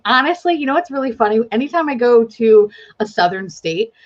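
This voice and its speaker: Female stream host, bubbly and irreverent, giggly, dull low-fi call audio. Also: lively intonation, a little fast. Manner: giggly, swearing, self-mocking. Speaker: livestream host. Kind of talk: casual chat.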